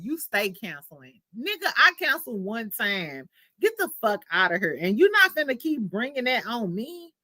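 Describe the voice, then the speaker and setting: A young adult woman hosting a casual livestream chat, telling stories in a candid, profane, animated way. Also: medium pitch, no room sound. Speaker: livestream host.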